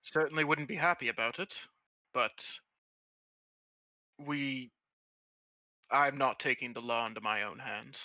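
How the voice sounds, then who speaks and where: Man, tabletop player, calm, bright tone, slightly dull dry recording. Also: medium pitch, measured pace, long pauses, dry recording. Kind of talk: tabletop role-play.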